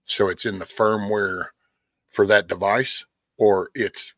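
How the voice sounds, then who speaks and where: A middle-aged man hosts his own live stream, rambling along and greeting viewers by name. His voice is husky and sits low, and the sound is close and dry with no room echo. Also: steady tone, slow, fairly bright tone. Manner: rambling, talks to chat by name. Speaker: livestream host. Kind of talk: casual live-stream chat.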